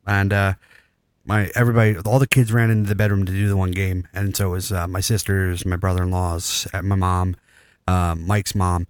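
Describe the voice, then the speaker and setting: Rambling low-voiced man telling stories. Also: level tone, moderate pace, no echo. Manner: rambling, storytelling with crude jokes. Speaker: podcast host. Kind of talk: casual chat.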